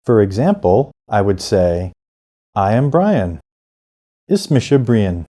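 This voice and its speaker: A man narrating a scripted language lesson, explaining phrases clearly and pronouncing them with care. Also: on the low side, very animated, mellow. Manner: clear, measured instruction with careful pronunciation. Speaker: language teacher.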